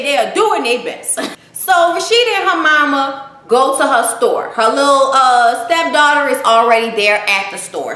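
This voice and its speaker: A woman recapping a reality show for her viewers in a blunt, animated, freely swearing manner, addressing them as "y'all". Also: sits high, reverberant. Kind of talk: casual profane recap chat.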